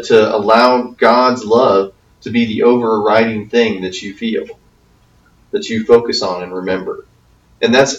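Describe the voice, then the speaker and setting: Youth pastor, echoey and distant. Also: male voice, medium pitch, dull audio. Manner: conversational, checks in with "okay?" often. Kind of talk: youth ministry talk.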